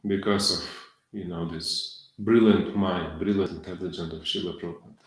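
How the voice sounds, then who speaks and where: A middle-aged man giving a devotional lecture in halting English, full of fillers and self-corrections, with chuckles between points. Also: sits low, steady tone. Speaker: lecturer on scripture. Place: temple lecture hall. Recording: very echoey lecture hall.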